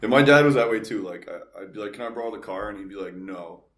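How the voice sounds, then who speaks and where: A laid-back man with a lowish voice jokes through a casual podcast chat. He quotes people in his stories with an easy shrug. His voice carries a roomy echo. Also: fast, a bit bright. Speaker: podcast co-host. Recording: roomy sound.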